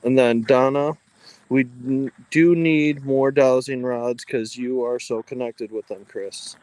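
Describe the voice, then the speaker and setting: A man's voice: medium pitch, steady tone, slow pace, darkish tone, clear, resonant tone, dry recording, low-quality recording. A man co-hosting a livestream, talking casually with lots of ums and restarts, recorded on a phone. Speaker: co-host of a ghost-hunting livestream.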